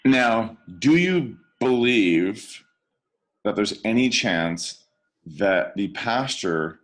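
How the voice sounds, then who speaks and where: A man co-hosting a casual podcast chat as a DJ, thinking aloud in an animated, reflective way. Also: lowish voice, drawn-out words. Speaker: DJ, podcast co-host.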